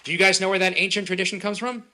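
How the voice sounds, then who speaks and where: A man doing stand-up comedy at a live event, quizzing the audience with rapid, animated delivery. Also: high voice.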